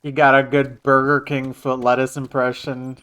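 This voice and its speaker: A man's voice: mid-range voice, level tone, moderate pace, pushed and bright, clear, resonant tone. A man streaming a game live, joking casually with his viewers. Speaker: livestreamer. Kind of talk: casual gaming livestream chat.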